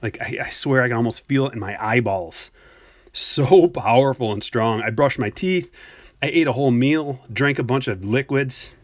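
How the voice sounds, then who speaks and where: Opening packs of trading cards on a live stream, a card break streamer keeps up a joking, casual chat, reading viewer messages aloud and answering them. His voice is medium in pitch at a moderate pace, a bit breathless, with no room sound.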